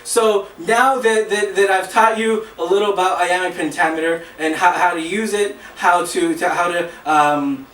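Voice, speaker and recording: A man's voice: sits high, fairly even intonation, moderate pace, hardly any pauses, fairly bright tone. A man giving a classroom speech, hesitant, with many fillers and restarts. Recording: echoey room, mic at a distance.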